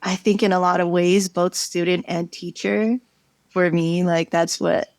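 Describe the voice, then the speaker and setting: A woman chats as a podcast guest in a soft-spoken, slightly hesitant way, with fillers. Her voice sits a little low and she talks very slowly. The sound is close and dry. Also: flat delivery, dry recording. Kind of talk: casual chat.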